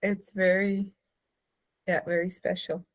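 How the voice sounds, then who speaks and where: A woman's voice: on the low side, flat delivery, slow, no echo. A woman hosting a session, encouraging her guest and laughing often. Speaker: host. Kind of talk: casual chat.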